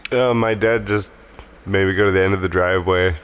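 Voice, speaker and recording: A man's voice: low-pitched, fairly even intonation, brisk, slight background noise. A man in a casual chat, chiming in with short quips.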